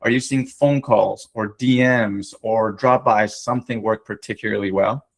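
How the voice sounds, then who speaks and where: A man's voice: on the low side, steady tone, moderate pace, vocal fry. A man hosting a podcast, asking questions in an eager, enthusiastic way. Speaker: podcast host. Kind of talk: casual podcast conversation.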